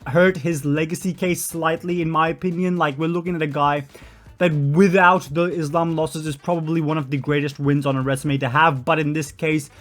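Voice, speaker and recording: Young male commentary host, a touch high-pitched, blunt opinions, loose delivery with fillers. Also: steady tone, normal speed, fairly bright tone. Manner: blunt, opinionated, with frequent fillers and self-corrections. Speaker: MMA commentary channel host. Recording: faint background music.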